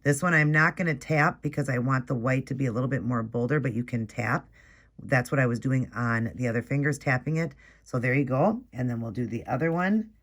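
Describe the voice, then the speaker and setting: Gravelly-voiced man demoing nail art. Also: medium pitch, a bit bright. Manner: chatty, explains while working, quick apologies. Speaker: nail art tutorial host. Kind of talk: casual step-by-step tutorial.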